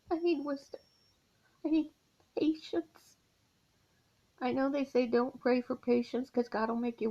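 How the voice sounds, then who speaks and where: A middle-aged woman talks slowly and wearily, a gravelly rasp running under her fairly high voice. She confides from a guest room in her mother's house, with sighs between her thoughts. The home recording sounds dull and lo-fi. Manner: weary, heartfelt, slow confiding talk with sighs. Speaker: crochet vlogger caring for her mother. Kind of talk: personal confessional vlog.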